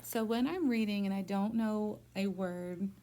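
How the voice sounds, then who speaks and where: A woman's voice: medium pitch, unhurried, dark tone, a little hiss or hum. A woman teaching reading one-on-one, prompting a student step by step with patient encouragement. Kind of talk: one-on-one phonics tutoring.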